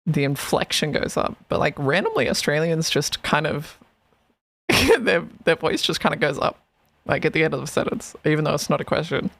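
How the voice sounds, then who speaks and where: A woman's voice: deep voice, sing-song, moderate pace, vocal fry, a bit bright, no room sound. A woman streamer casually commenting on a video she is watching, rambling with many fillers. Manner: rambling, filler-heavy, laughs often.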